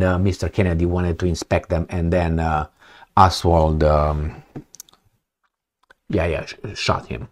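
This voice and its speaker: A man giving blunt, opinionated, sometimes profane commentary on news articles, rambling with many fillers and restarts. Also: on the low side. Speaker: political commentator.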